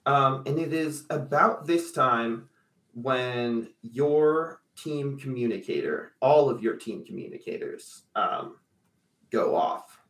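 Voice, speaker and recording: A man's voice: medium pitch, animated, slow pace, a bit bright, recorded from a distance. A man narrates a tabletop superhero game as the game master, chatty and upbeat, leaning on fillers as he goes. His voice sits in the middle range. The room is echoey and he sounds a little back from the mic.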